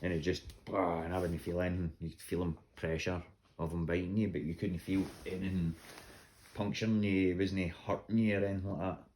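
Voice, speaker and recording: A man's voice: sits low, little pitch movement, a little fast, a little mellow, a little hiss or hum. A Scottish man casually telling funny stories about his dog, laughing often. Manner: laughing often, acts out voices in anecdotes. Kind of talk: casual storytelling.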